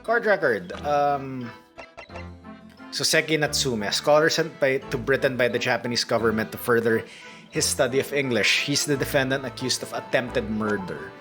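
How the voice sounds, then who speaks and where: Streamer voice-over, casual reading with dry jokes, music playing. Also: male voice, mid-range voice, normal speed, fairly bright tone. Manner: wry, joking asides. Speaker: streamer reading a game aloud. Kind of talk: casual playthrough narration. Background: game music.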